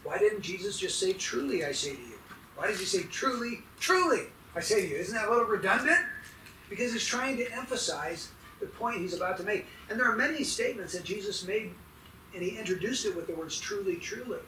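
A man's voice: high voice, animated, brisk, bright, forceful tone, roomy sound, far from the mic, slight background noise, rough recording. A man preaching a sermon as pastor, emphatic and putting questions to his congregation.

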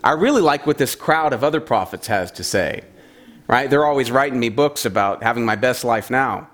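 A man's voice: mid-range voice, animated, normal speed, crowd noise, close to an everyday voice. A man voicing an annoyed, weary king in a retold scripture story, speaking in a casual, offhand grumble. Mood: grumbling.

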